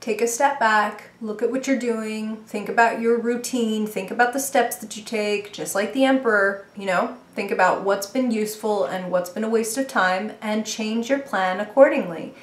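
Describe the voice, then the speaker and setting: A woman giving a casual, playful tarot reading to the viewer, chatty and quick to laugh. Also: medium pitch, reverberant. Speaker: tarot reader.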